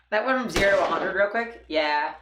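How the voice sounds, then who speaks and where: A woman's voice: mid-range voice, echoey room, background noise. Chatty Canadian woman streamer. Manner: chatty, laughing, trails off into fillers. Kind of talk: casual chat.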